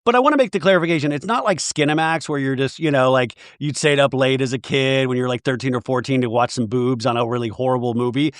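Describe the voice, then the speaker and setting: A man chatting casually as a guest on a podcast, animated and rambling, laughing often as he talks. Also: mid-range voice, fast, few pauses, no echo, clean studio sound.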